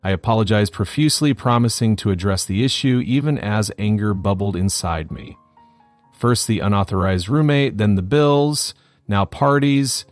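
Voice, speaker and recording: A man narrating a scripted first-person story in a steady, matter-of-fact way. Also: lowish voice, moderate pace, dry recording, faint music behind.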